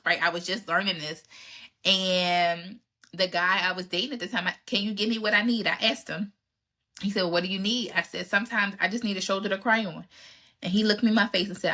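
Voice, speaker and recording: Woman podcast host giving dating advice, candid and emphatic, lowish bright voice. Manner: candid and emphatic, acts out exchanges with past dates. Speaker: podcast host answering relationship questions. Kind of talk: casual advice talk.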